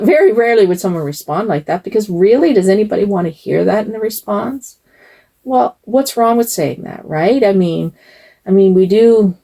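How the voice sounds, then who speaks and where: Older woman, doll-channel host; low, gravelly voice, gentle and chatty, loosely rambling. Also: low-quality recording. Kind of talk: casual talk to camera.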